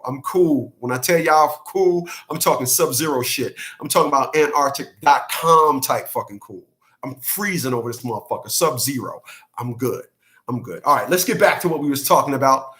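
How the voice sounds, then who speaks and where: A man's voice: mid-range voice, a bit bright. A man hosting his own channel, delivering a blunt, profane, preachy rant straight to his viewers. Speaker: channel host. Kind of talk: rant monologue to camera.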